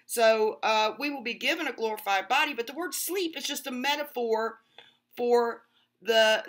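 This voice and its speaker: A woman hosts her own Christian channel, speaking straight to camera with earnest, emphatic Bible commentary in a casual style. Her voice is fairly high and a little bright, at a moderate pace, and she sounds exasperated by rival interpretations.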